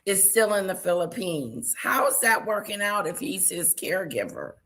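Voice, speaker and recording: A woman's voice: mid-range voice, big pitch swings, normal speed, a bit bright. A woman casually commenting on a video she is watching, with gossipy, teasing asides.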